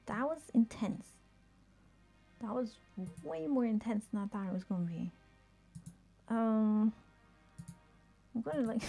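A woman streaming a game live, chatting excitedly and swearing, sick with a headache. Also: medium pitch, a little slow, pauses often, faint music behind. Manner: excitable, swears often, laughs, trails off. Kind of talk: live gameplay commentary.

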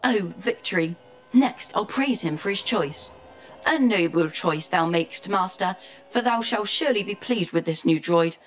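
A woman's voice: on the low side, animated, normal speed, a little hiss or hum, lightly acted. A woman voicing a fussy, anxious male protocol robot in an amateur verse audio drama, speaking in a formal, prim way. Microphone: home computer mic.

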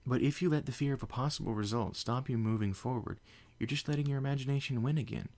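A tender, soft-spoken female pony, as a man lifts his voice to play her comforts someone with cooing reassurance. The voice sits noticeably higher than the reader's own, with a faint gravelly edge underneath. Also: fast talker, natural voice. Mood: soothing. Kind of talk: fan fiction reading.

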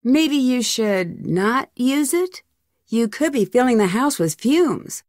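A composed, curious young detective in a mystery game, pressing politely with steady questions. Her voice sits fairly high and sounds close and dry. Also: slow pace, no room sound. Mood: inquisitive. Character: calm, inquisitive young female detective. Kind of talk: video game voice acting.

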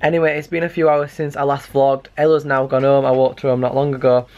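A man's voice: mid-range voice, level tone, fast, darkish tone, lo-fi sound. Chatty young guy. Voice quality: slight lisp from a retainer. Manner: chatty, rambling, self-mocking. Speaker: vlogger. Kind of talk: casual vlog chat. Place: bedroom at night.

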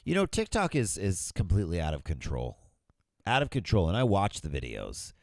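Deep-voiced rambling man, lively pitch. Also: moderate pace, no room sound, studio quality. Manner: rambling storyteller, swears freely. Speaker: podcast co-host. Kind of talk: casual chat.

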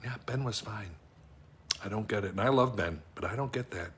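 A man's voice: fairly low pitch, fairly quick, a bit bright, husky. A middle-aged man playing a bumbling, sweet office worker in an improvised comic monologue, rambling and fretful as he talks to an unseen wife. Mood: sentimental. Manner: rambling, fretful, easily choked up.

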